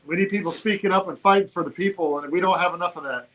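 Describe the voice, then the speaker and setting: A man co-hosting a casual political talk show, animated and laughing often, from Georgia in the United States. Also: sits high, fast talker, rough recording. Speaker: co-host.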